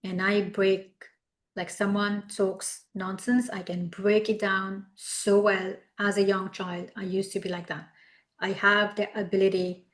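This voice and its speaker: A middle-aged woman speaks at an ordinary, middle pitch as she tells her own story. She is a wellness coach, and her manner is reflective and confessional, with many loose "like" fillers between thoughts. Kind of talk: personal storytelling talk.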